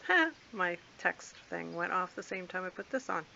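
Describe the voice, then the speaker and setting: A woman's voice: lowish voice, big pitch swings, moderate pace, gravelly, very noisy. A woman vlogging casually from her backyard and home. She rambles along chattily and coos at her cats. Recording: dull lo-fi home video.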